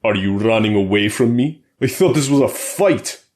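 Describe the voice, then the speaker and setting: A man's voice: fairly low pitch, slow pace. A male narrator voicing a huge brutish male prison fighter with a thick Russian accent, growling and sneering. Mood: taunting.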